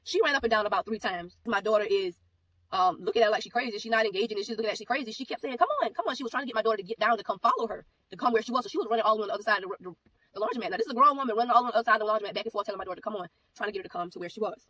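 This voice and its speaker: A woman giving a personal testimony, telling the story in a rapid, animated way and acting out the back-and-forth of the exchange. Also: medium pitch. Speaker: ministry speaker giving a testimony. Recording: voice a bit far from mic, faint background noise.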